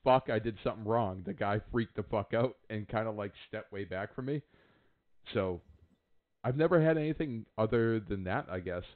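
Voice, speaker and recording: A man's voice: lowish voice, moderate pace. A man telling stories in a casual podcast chat, swearing freely and acting out what people said. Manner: profane, animated storytelling with acted quotes. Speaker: podcast co-host. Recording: phone-like narrow sound.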